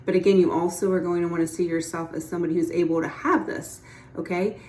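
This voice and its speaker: A woman with a lowish voice talks casually as a manifestation coach. She keeps things chatty and encouraging and keeps checking that the listener is following. The sound carries a roomy echo. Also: little pitch movement, fast talker, a little mellow, slight background noise. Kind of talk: casual teaching monologue.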